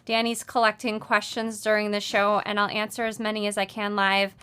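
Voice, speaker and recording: A woman's voice: mid-range voice, little pitch movement, a little fast, fairly bright tone, clear, resonant tone. A woman hosting a casual live sewing chat, talking in a chatty, friendly way with many fillers. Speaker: sewing show host. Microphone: mic moved during the show, distant at first. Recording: sounds distant from the mic at first.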